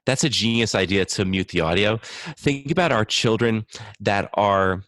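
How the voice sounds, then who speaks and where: A man's voice: lowish voice, moderate pace, a bit bright, no room sound. A man speaking as a guest on a podcast interview, an enthusiastic speech-language pathologist thinking aloud.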